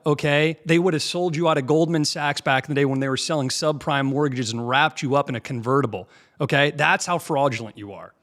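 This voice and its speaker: A young man hosting a political commentary show, combative and mocking, pausing to mimic clips he plays. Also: a little high, a bit bright.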